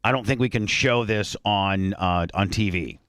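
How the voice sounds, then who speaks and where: A man's voice: on the low side, normal speed, fairly bright tone, dry recording, studio quality. A male radio show host in casual banter, repeating and restarting his words as he steers the talk. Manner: repeats and restarts words, talks over guests.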